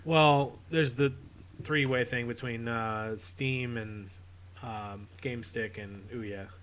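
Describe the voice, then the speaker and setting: A man's voice: medium pitch, fairly even intonation, slow pace, a bit bright, slight background noise. A man co-hosting a casual podcast, easygoing, reading out the news items. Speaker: podcast co-host. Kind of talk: casual chat.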